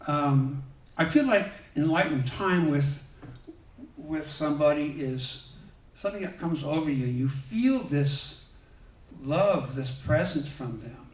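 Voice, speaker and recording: A guest minister speaks in a slightly high male voice with lively intonation, sharing personal stories in a gentle, conversational sermon. He pauses frequently and leans on fillers. The church hall recording is reverberant and muffled, captured from a far-off mic.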